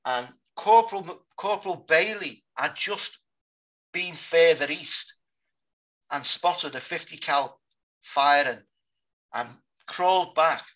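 British guy in his 50s telling a war story slow and sober, sharp bright voice, kinda dull lo-fi audio. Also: a little high. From Britain. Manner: sober, halting recollection. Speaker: guest, war veteran. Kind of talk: interview storytelling.

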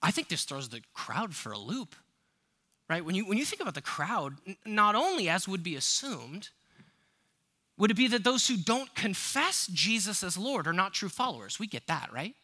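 Bright, high-voiced preaching man. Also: big pitch swings, moderate pace. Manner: emphatic, conversational preaching with rhetorical questions. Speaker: pastor. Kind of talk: sermon. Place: church sanctuary.

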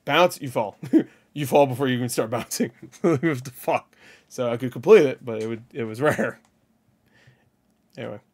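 A man hosting a casual reaction video, talking excitably, swearing and laughing at what he sees. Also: mid-range voice, normal speed, long pauses. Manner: excitable, swears often, laughs and yelps at jump scares.

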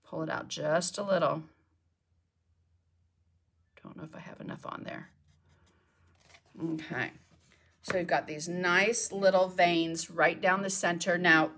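A middle-aged woman with a slightly low voice leads a live painting tutorial from her studio. She chats casually and talks to herself while she works. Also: fairly bright tone. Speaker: painting teacher. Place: home art studio.

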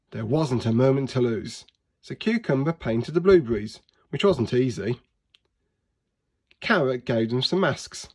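Man, teacher, children's story read-aloud, clear, expressive, medium pitch. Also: measured pace.

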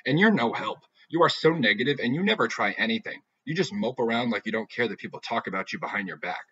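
A man's voice: fairly low pitch, fast talker, a bit bright, breathy edge. A man voicing an upset, dramatic teenage girl who complains emphatically. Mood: indignant. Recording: dull lo-fi recording.

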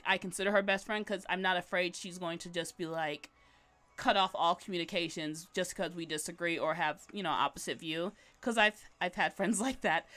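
A woman's voice: medium pitch, a bit bright. A woman livestreaming while she draws, chatting casually and rambling, laughing often. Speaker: livestreaming artist. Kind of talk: casual chat while drawing.

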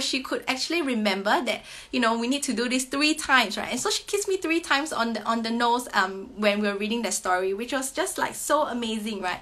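Speaking to camera in a casual, explanatory way, a parent in her thirties offers tips on reading with kids. Her voice runs high, pushed and bright, and her chatty, sing-song, teacher-like manner has many sentences closing on a questioning "right?".

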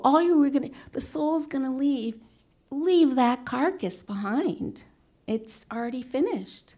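A middle-aged woman with a fairly high voice tells a personal story live on a small stage. She speaks earnestly and haltingly, restarting her sentences. Now and then she breaks into loud shouts. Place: small stage venue before an audience.

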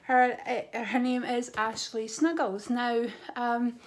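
A woman's voice: on the high side, steady tone, slow pace, a little hiss or hum. A Scottish woman vlogging from home, chatting to camera in an effusive, storytelling way. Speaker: beauty vlogger. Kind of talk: casual chat to camera.

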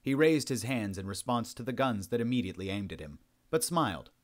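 A man narrating a science fiction story as a reader, with steady, measured storytelling. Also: medium pitch. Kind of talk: scripted narration of a sci-fi story.

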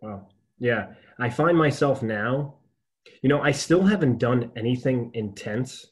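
A man's voice: medium pitch, expressive, unhurried. A man hosting a podcast, chatty and telling stories with frequent laughs. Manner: chatty, storytelling, laughs often. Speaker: podcast host. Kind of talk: casual conversation.

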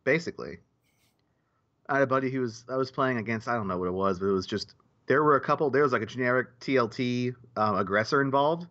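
A man of middle pitch chatting loosely on a podcast, circling back and restarting his sentences as he goes. The sound is dull and lo-fi, with the top end rolled off. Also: fast talker, fairly bright tone. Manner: rambling, with many restarts and repeated words. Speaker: podcast co-host. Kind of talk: casual podcast chat.

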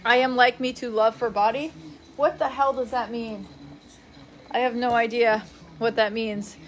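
A woman's voice: fairly high pitch, steady tone, a little slow, a little hiss or hum. A young woman in casual, rambling live-stream chat from her family home at night, reading out viewer comments. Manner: rambling, chatty, scattered.

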